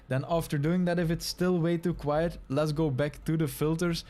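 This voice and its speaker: A streaming tutorial presenter explains audio settings in a screen walkthrough, his fairly high voice fairly even in intonation and at a normal speed. He instructs step by step, showing the effect by speaking quietly and then shouting.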